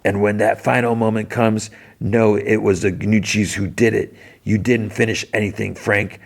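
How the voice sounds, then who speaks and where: A man's voice: on the low side, little pitch movement, moderate pace, creaky. A man voicing a vengeful older mob matriarch who speaks coldly and gloats. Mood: gloating. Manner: cold, gloating.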